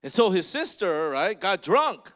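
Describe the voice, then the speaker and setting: A man's voice: high-pitched, sing-song, a little slow, a bit bright. A man preaching a conversational sermon as pastor, telling stories and bluntly exhorting the congregation, often checking in with them.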